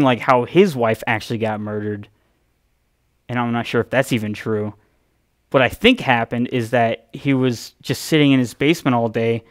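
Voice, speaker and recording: A male streamer rambles through a story, swearing and breaking off his own sentences as he goes. His voice sits at a middle pitch. The sound is dry, with no room echo. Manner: rambling, profane, self-interrupting. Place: home streaming setup.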